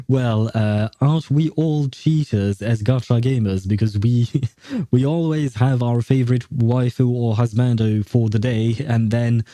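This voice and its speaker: A man greets his viewers in a casual live-stream chat, rambling and hesitant, with fillers and frequent chuckles. His voice is very dark and mellow at a middling pitch. It sounds dry and close on a desk mic. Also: unhurried, dry recording. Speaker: game streamer.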